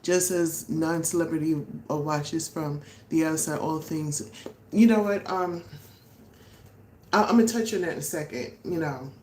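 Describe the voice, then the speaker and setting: A woman's voice: low voice, steady tone, a little slow, darkish tone. A middle-aged woman hosting a casual live stream, talking in a rambling way with many fillers and restarts. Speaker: vlog host. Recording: echoey room, faint background noise.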